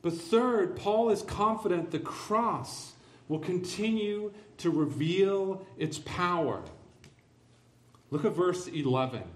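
A man preaching a sermon, emphatic and building to forceful declarations, with dry sarcastic asides. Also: high voice, slow, echoey room. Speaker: pastor.

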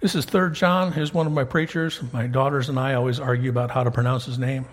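A middle-aged man delivers a sermon from the pulpit of his church. His voice is somewhat husky and breathy. He talks with the congregation in a conversational way and pushes up with emphasis when he drives a point home. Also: mid-range voice, steady tone, quick pace. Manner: conversational preaching, rising emphatically on key points. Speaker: pastor. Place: church sanctuary.

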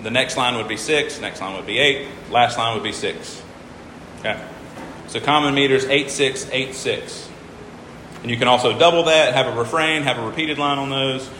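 A man's voice: medium pitch, normal speed, sharp tone, reverberant, long reverb tail, a little hiss or hum, low-quality recording. A man teaching a class, patiently walking through examples and counting syllables aloud. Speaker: teacher explaining hymn meters. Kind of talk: informal classroom lecture.

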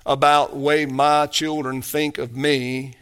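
A man delivers a sermon in a high, bright voice. He preaches emphatically, dropping low and quiet, then lifting and pressing hard on key points. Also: flat delivery, takes it slowly, clean tone. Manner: emphatic preaching, swinging between hushed and raised. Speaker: pastor.

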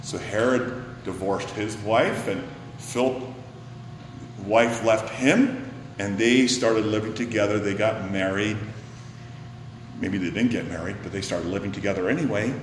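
A man preaching a sermon, swinging from loud emphatic bursts to hushed, whispered lines. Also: lowish voice, measured pace, a little hiss or hum. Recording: echoey hall, faint ambience.

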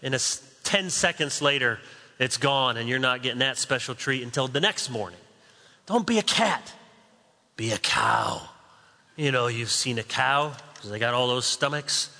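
A man's voice: medium pitch, lively intonation, moderate pace, sharp tone. A man preaching a sermon as pastor, conversational with humorous asides, recorded in a large church sanctuary. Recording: long hall reverb.

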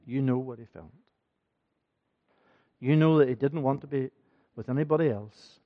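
A man's voice: medium pitch, moderate pace, phone-quality sound. A man preaching a sermon in a church, earnest and building in force, often repeating his phrases. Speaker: pastor.

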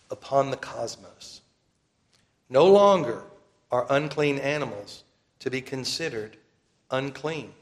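A man preaching a sermon in an earnest, emphatic way, slowing down to repeat key phrases. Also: mid-range voice. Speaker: pastor.

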